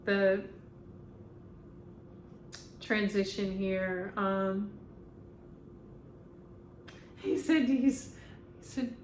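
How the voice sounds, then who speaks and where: Slow, halting woman medium in an echoey room. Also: medium pitch. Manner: halting, full of ums, relays what a spirit says. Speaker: spiritual medium. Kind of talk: channeling session monologue. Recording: echoey room, faint background hum.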